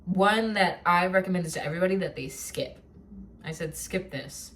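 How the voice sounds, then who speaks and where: A young woman vlogging in casual chat, talking in an animated, rambling rant full of filler words. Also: fairly low pitch, normal speed.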